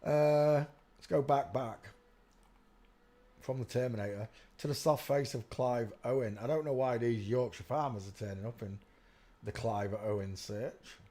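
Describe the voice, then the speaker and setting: A man hosts a live stream in a relaxed, rambling way, pointing at pictures and saying "look" again and again. His voice is mid-range and dark, and he speaks a little slowly.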